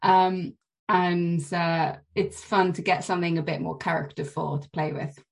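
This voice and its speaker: A woman's voice: lowish voice, level tone, moderate pace, creaky. A woman actor chatting as a podcast guest, telling stories from filming with light laughter. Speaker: actress guest. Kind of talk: casual podcast interview.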